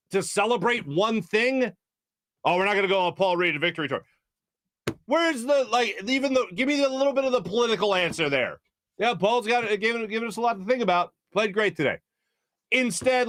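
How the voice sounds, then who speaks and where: High-voiced man ranting about sports. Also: fairly bright tone, no room sound, clean studio sound. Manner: heated, exasperated, quotes people in mock voices. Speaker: sports talk show host. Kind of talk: opinionated sports talk rant.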